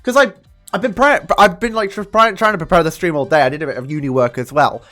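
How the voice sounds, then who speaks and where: Young male streamer, fairly high, animated and profane, casual chat over faint music. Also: fast talker. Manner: chatty and profane, with sudden high excited jumps. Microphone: desk microphone.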